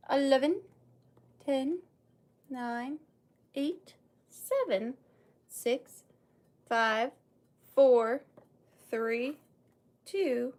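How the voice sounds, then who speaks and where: A woman with a Southern US accent hosting a live vintage sale, chatty and bubbly, thanking viewers by name. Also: high-pitched. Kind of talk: casual live-stream selling. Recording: faint room noise.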